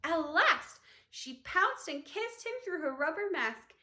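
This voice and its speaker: A woman teacher reading a children's book aloud with expressive storytelling. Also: very high-pitched, a little slow. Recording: echoey room.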